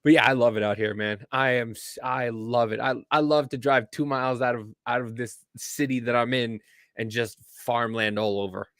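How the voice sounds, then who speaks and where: A man's voice: mid-range voice, steady tone, normal speed, fairly bright tone, no room sound, studio quality. A man from New Jersey hosting a podcast, joking in casual chat and swearing freely. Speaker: podcast host.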